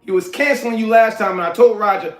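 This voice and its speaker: New guy on a livestream, blunt and preachy, kinda high voice, echoey room. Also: fast talker. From New York. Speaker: livestream host. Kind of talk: casual livestream chat, reading chat aloud.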